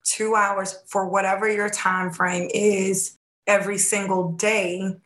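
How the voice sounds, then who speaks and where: A woman coaching on faith in a casual podcast chat, telling a lively story and acting out the dialogue, sometimes dropping to a hushed voice. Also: medium pitch, slow pace. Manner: animated storytelling, acts out quoted dialogue.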